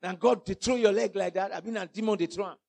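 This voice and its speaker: A Nigerian-accented man preaching a fiery sermon, mixing in pidgin and swinging from loud outbursts to hushed warnings. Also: high-pitched, fast, gravelly.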